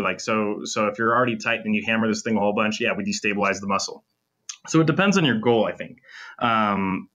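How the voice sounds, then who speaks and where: Doctor guy on a podcast, rattles off medical terms fast, kinda low voice. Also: bright, forceful tone, lo-fi sound. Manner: fast, technical, lecturing with clinical terms. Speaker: sports medicine doctor, guest. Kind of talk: podcast interview, explaining in depth.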